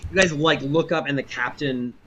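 A man narrates as game master, rambling through scenes with many fillers. His voice is bright and a little high. The audio is slightly muffled, with a faint hiss. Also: normal speed. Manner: rambling, filler-heavy storytelling.

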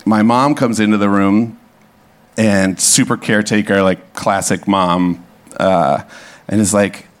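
A man in his thirties from Minnesota tells an animated comic story live on stage, laughing and acting out the quotes. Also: on the low side, measured pace. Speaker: guest storyteller. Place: club stage before a live audience.

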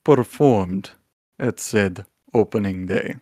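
A man voicing a smooth-talking male animal talent agent in a tabletop role-play, formal and scheming. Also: lowish voice, slow pace, dark tone, dry recording, studio quality.

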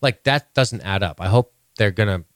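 A man co-hosting a podcast, chatting casually in animated, mock-outraged rants full of swearing and laughter. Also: lowish voice, normal speed, dry recording, clean studio sound. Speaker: podcast co-host. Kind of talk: casual recap chat.

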